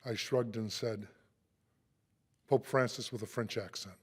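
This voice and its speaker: A man introducing a guest speaker in a formal, measured read, with a dry humorous touch. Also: lowish voice, steady tone, husky.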